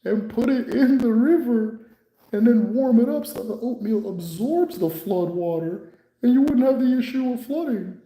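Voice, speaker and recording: Squeaky, self-important psych-ward inventor type, rambles and stalls, snaps when doubted, as a man puts on the voice; pitched high and mellow. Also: expressive, echoey room, low-quality recording. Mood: eager, dismissive. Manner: high, squeaky, halting with many "like"s. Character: eager, rambling, touchy male psychiatric patient.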